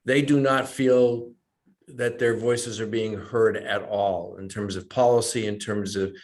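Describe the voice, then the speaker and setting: A man speaking as a panel participant over a video call, measured with hesitant fillers. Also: lowish voice, steady tone.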